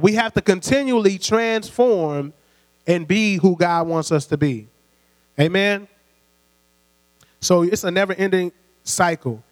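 A man preaching a sermon in a church hall, talking conversationally, laughing lightly between points and prompting the congregation to answer back. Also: sits high. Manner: call-and-response, prompting the congregation. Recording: long hall reverb with mains hum.

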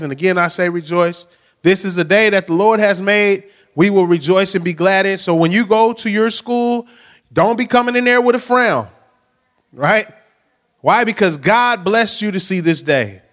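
Speaking in a high, slightly bright voice, a middle-aged pastor preaches in a conversational way. He keeps checking in with his congregation by asking them "right?"

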